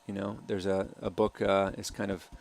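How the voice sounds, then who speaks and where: A man talking through footage of his own film as director, soft-spoken and hesitant, with many pauses and filler sounds. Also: on the low side, little pitch movement, creaky. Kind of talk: commentary over a film trailer.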